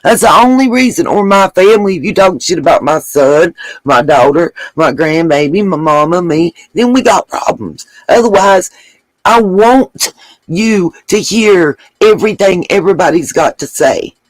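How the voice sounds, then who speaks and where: A woman's voice: fairly low pitch, moderate pace, no echo, rough recording. A middle-aged woman hosts her own live stream, speaking bluntly and heatedly with plenty of profanity. Her voice sits close and dry, with no room sound around it. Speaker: livestream host.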